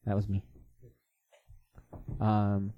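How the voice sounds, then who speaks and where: A man co-hosting a casual chat, chatty and quick to jump in. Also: lowish voice, completely flat delivery, no room sound, highs cut off.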